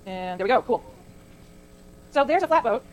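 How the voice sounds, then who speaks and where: A woman's voice: fairly high pitch, lively intonation, moderate pace, dull audio, a little hiss or hum. A middle-aged woman from California giving a chatty classroom lecture, digressing into anecdotes and asking the class questions. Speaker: college lecturer. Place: lecture hall.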